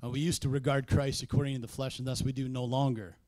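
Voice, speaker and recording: A man preaching a sermon in a church, conversational in tone, with sudden loud emphatic peaks. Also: medium pitch, little pitch movement, quick pace, dry recording. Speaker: pastor.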